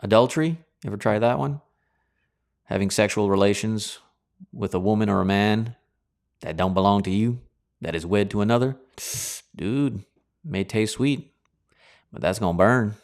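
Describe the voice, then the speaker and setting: A man's voice: on the low side, moderate pace, gravelly, pauses often. A man preaching a sermon in a dramatic, colloquial way, full of rhetorical questions.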